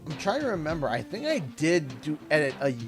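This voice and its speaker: A man from Canada giving casual, chatty livestream commentary while playing a game, animated and playful. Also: on the high side, fairly quick, music in the background. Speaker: streamer.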